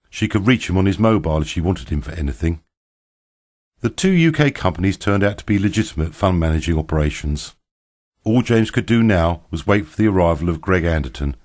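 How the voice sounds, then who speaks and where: A man narrating an audiobook in a steady, even reading. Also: low voice.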